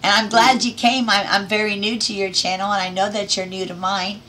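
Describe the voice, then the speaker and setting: Bright-voiced woman hosting a livestream. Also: mid-range voice, flat delivery, fairly quick, slight background noise. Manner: cheerful, affectionate greetings to each viewer. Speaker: livestream host. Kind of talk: casual livestream chat reading out comments.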